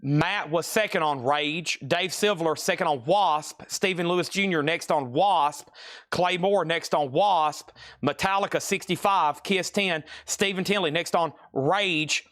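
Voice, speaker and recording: A man hosting a live-stream record auction, rattling off prices and bids in quick, playful sales patter. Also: fairly high pitch, fairly bright tone.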